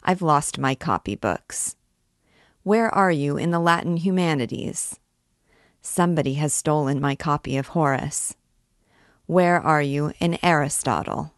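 A woman's voice: sits low, no room sound, clean studio sound. A woman doing a stern archdeacon. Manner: stern, measured. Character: stern, severe male archdeacon, middle-aged.

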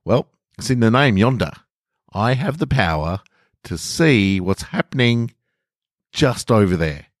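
A man's voice: on the low side, very animated, measured pace, dry recording, clean studio sound, pitched above the performer's own voice. A man voicing a nervous, chatty young male apprentice wizard who rambles and apologizes. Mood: eager rambling.

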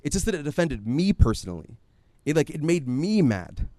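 A man preaching a sermon in a conversational, animated storytelling way, often acting out his own asides. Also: a little high, moderate pace, dry recording. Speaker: pastor.

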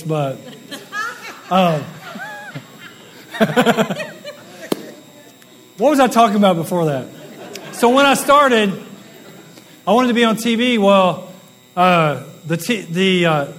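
Folksy high-voiced man telling stories. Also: fairly bright tone, rough recording. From Southern United States. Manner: rambling, folksy and self-deprecating, with asides and laughs. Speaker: guest business speaker. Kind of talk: storytelling talk to an audience.

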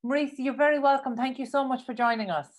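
A woman with an Irish accent hosting a radio interview, asking questions in a bubbly, animated way. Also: high-pitched, fast. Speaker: radio show host. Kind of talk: podcast interview.

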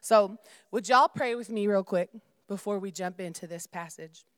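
A young woman preaches in a smooth, resonant voice that sounds dry and close. She talks loosely and personally to her listeners, then moves into prayer and scripture reading. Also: medium pitch, moderate pace, no room sound. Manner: informal, addresses listeners as y'all, prays and reads aloud. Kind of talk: sermon.

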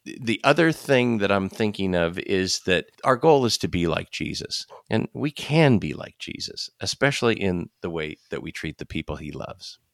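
Gravelly low-voiced man, reflective and lively. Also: moderate pace, few pauses, no echo, clean studio sound. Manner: reflective, stammering restarts, lively delivery. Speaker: podcast co-host. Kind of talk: faith-based podcast talk and sign-off.

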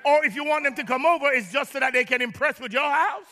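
A man preaches to his congregation in a very high, piercingly bright voice. He teases the crowd with humor and builds to shouted lines. A long reverb trails every word in the church hall. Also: fast talker. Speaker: pastor. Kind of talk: sermon. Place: large church.

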